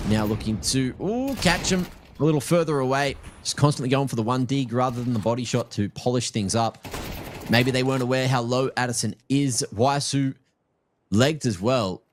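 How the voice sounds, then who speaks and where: A man's voice: medium pitch, slight background noise. A man casting a live video game match, giving chatty, joking play-by-play from a headset mic. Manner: chatty and joking, teases players and viewers. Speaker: esports caster.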